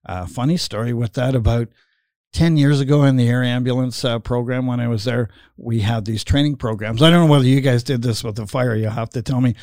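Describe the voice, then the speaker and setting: A man's voice: medium pitch, fairly even intonation, brisk, darkish tone, no echo, clean studio sound. A middle-aged man hosting a casual chat, rambling with many fillers and laughing as he tells stories. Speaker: podcast host.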